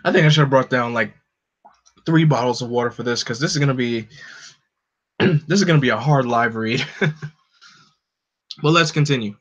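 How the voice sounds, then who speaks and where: A man's voice: medium pitch, moderate pace, pauses often. A man casually reading a comic aloud live, chatting with asides between scenes, on a slightly dull recording. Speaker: live reader.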